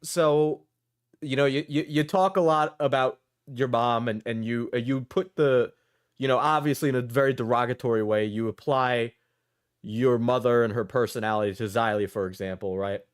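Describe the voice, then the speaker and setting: A man's voice: medium pitch, steady tone, clear, resonant tone. Guy hosting the show, mid voice, stumbles and repeats words asking stuff. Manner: hesitant, repeats words, halting. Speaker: show host. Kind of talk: interviewing guests.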